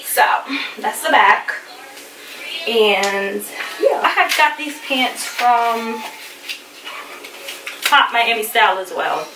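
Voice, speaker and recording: A woman's voice: a little high, lively intonation, slow pace, long pauses, echoey room, recorded from a distance, noisy background. A woman chatting casually to camera about clothes she bought, candid and full of fillers, a little out of breath. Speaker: fashion haul vlogger. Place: busy room at home.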